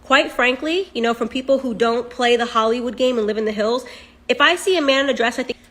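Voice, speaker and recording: A woman's voice: fairly high pitch, quick pace, a bit bright. A woman giving blunt, emphatic opinion commentary in a lecturing tone. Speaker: political commentator.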